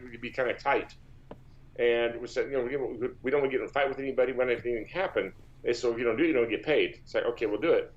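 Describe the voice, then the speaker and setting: A man's voice: mid-range voice, muffled recording. A man from Texas, a powerlifter, telling long casual stories in an interview, with many false starts and repeats. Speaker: powerlifter guest.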